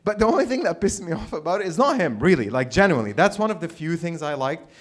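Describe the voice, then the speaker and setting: A man from Lebanon hosts a live stand-up night into a handheld mic on a small stage. His voice sits a little high and swings widely in pitch, and he rambles, swears freely and cuts himself off mid-thought. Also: sing-song, fast. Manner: rambling, profane, self-interrupting. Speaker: open mic host. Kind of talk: stand-up comedy hosting. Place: small comedy venue stage.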